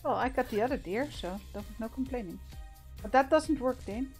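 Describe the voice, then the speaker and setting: A woman hosting a casual multiplayer gaming session, chatty and quick to laugh. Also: on the high side, a little mellow, soft background music. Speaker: gaming channel host.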